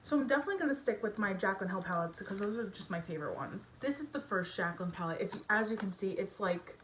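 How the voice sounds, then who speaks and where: A young woman does her makeup in her bedroom for a get-ready-with-me video, with family noise downstairs and slight background noise. Her medium-pitched voice is fast and expressive, and her self-conscious, giggly chatter is packed with fillers.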